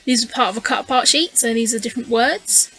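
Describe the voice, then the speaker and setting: In a rough recording, a tired woman who hosts a scrapbooking channel casually narrates her process in voice-over, rambling and hesitating with lots of fillers and yawns. Her voice is a little high, fast, and somewhat bright, with a breathy edge.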